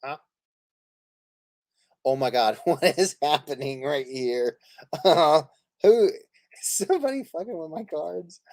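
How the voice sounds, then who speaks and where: A man's voice: fairly high pitch, slow pace, long pauses, no room sound, studio quality. A man hosting a live stream, chatting casually and laughing while he plays a card game with friends. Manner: animated, laughing, swearing playfully. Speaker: streamer host.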